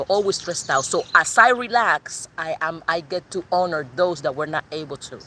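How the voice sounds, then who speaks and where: A woman's voice: low voice, pushed and bright, a little hiss or hum. A woman with a Cuban accent giving a channeled tarot reading in an emphatic, sassy way that repeats her points. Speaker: tarot reader.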